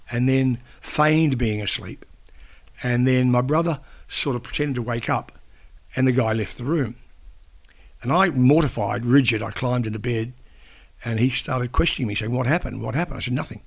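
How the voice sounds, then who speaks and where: An older man from New Zealand, a former newspaper editor and broadcaster, recounting a personal story in an interview. He speaks haltingly, with frequent restarts and fillers. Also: medium pitch, creaky.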